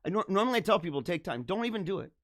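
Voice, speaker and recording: Animated, jokey man hosting a live stream. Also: high voice, rapid-fire, no echo, clean studio sound. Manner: animated, jokey, laughs often. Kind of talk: casual live stream chat, reading viewer comments.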